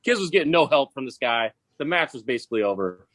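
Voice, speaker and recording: A man's voice: mid-range voice, big pitch swings, fast talker, fairly bright tone, no room sound. A man who plays golf professionally, telling a story as a podcast guest in a laid-back, casual way, full of "dude" and "bro". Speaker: podcast guest, pro golfer.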